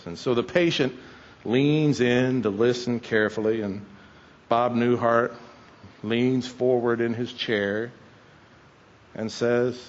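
Male preacher, mid-pitched, easygoing and wry with his congregation; the audio sounds dull and lo-fi. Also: steady tone, slow, pauses often. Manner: conversational, folksy and wry. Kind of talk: sermon.

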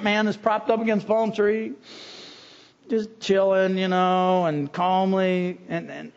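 A pastor preaches in an earnest, conversational way, often restarting his phrases. His voice sits fairly high for a man. The recording sounds dull and lo-fi. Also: fairly even intonation, measured pace. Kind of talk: sermon.

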